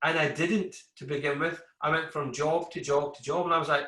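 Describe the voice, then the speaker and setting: Forceful man in an echoey room. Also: fairly high pitch, brisk, hardly any pauses. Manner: animated storytelling, acts out exchanges with coworkers. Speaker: guest, army veteran. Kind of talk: candid podcast conversation.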